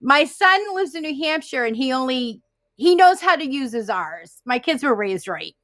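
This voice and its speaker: A middle-aged woman with a Boston accent, chatting casually on a live stream through a headset and telling stories full of quick wisecracks. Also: high voice, very animated, a bit bright, dry recording. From Massachusetts. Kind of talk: casual chat.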